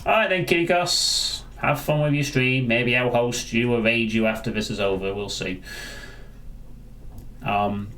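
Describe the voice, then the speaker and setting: A man's voice: medium pitch, unhurried, pushed and bright. A man chatting casually on a live stream, rambling and answering viewers, often restarting his sentences.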